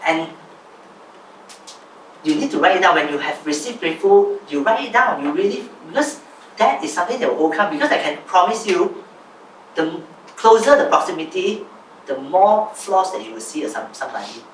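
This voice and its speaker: A man, coaching a small group in an animated way and reading aloud from his own journal. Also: high voice, brisk, pauses often, slight background noise. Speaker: business coach. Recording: roomy, voice from a distance, faint ambience.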